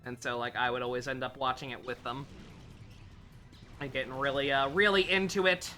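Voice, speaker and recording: A woman's voice: rumbling low, steady tone, a little fast, sharp tone, soft background music. A woman streaming a game live, chatting casually in a rambling, profane way with lots of fillers. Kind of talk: casual live gameplay commentary.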